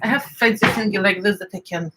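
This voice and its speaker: A woman's voice: medium pitch, fast talker, heavy background noise. Middle-aged woman, eastern european accent, casual cooking chat, lots of ums while she looks for words. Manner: chatty, searching for words, many fillers. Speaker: home cook.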